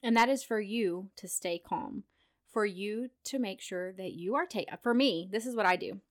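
A woman hosting a parenting podcast, talking alone in a calm, earnest way and laughing softly now and then. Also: medium pitch, moderate pace. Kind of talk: solo podcast talk.

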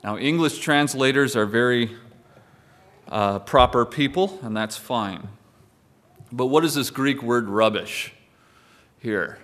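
A man's voice: medium pitch, takes it slowly, pauses often, a bit bright. A male pastor preaching a sermon in a conversational way, with wry asides to the congregation.

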